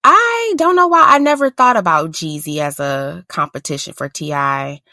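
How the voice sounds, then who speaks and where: A woman co-hosting a podcast, talking in loose casual chat. Her voice is bright and swings widely in pitch, and her delivery is blunt and sarcastic with frequent laughs. The recording is close and dry. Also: expressive, normal speed, dry recording. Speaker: podcast co-host.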